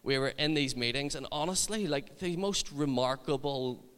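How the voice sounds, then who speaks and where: Bright preacher, big hall. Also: male voice, mid-range voice, moderate pace, clean tone. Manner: humorous, chatty anecdotes. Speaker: youth ministry leader. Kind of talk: sermon storytelling.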